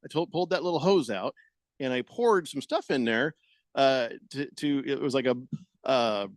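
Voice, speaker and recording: A man's voice: mid-range voice, animated, moderate pace, dry recording. Rambling middle-aged man telling a story. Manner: rambling storyteller, restarts and fillers. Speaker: radio co-host. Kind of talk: casual radio banter.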